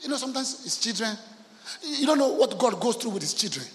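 A pastor with a high-pitched voice preaches a sermon in a big, echoing church hall. He tells stories and acts out the voices in them, dropping to soft, intimate lines and then rising to loud shouts. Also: sing-song, fairly quick. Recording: long hall reverb.

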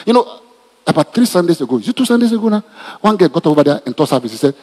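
Male pastor, animated sermon delivery, husky tone, reverberant church. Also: fairly high pitch, very fast. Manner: animated preaching with laughs and repetitions. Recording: reverberant hall.

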